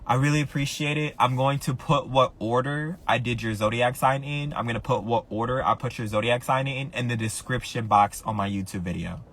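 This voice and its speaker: A man's voice: mid-range voice, brisk, hardly any pauses, a bit bright. A man who is an astrologer, in casual live-stream chat, often repeating his phrases as he talks straight to his viewers.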